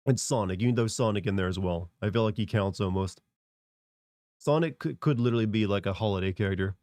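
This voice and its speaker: A man's voice: on the low side, fast, darkish tone, no room sound, studio quality. A congested man streaming, rambling casually as he answers chat. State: congested from a cold.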